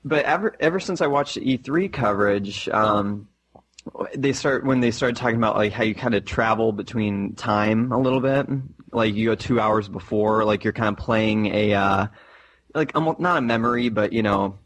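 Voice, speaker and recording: A man's voice: fairly low pitch, normal speed, fairly bright tone. A man talking casually as a podcast guest, in an easygoing, rambling way with lots of fillers.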